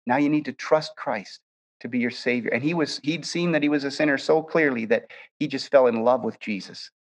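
A man's voice: medium pitch, a little fast. Earnest man telling church stories. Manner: earnest storytelling, voice drops softer when quoting others. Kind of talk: storytelling testimony sermon.

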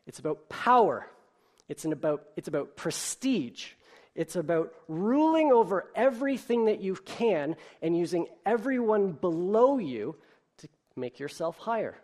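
A pastor preaching a sermon in an explanatory, conversational way, animated when he reads a children's story aloud. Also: fairly high pitch.

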